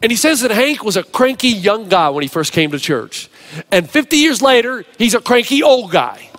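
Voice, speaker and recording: High-voiced man preaching a sermon. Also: normal speed. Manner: storytelling preacher, animated delivery with varied pace. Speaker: pastor.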